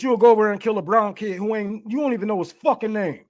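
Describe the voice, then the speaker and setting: High-pitched male host, profane stammering rants. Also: fast talker. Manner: stammering, laughing, heated. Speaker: podcast host. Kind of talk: profane ranting commentary.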